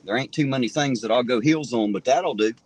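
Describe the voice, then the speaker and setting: Filming a livestream on his phone from a car, a man with a mid-range voice delivers a loud, profane rant. He talks fairly quickly, cursing nonstop and sounding indignant and angry.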